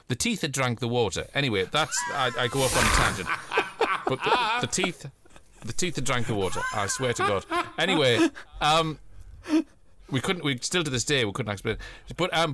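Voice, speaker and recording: A man's voice: mid-range voice, pushed and bright. A man co-hosting a comedy podcast about old television, rambling off on tangents and laughing often. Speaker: podcast co-host. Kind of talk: casual comedic chat reviewing old TV.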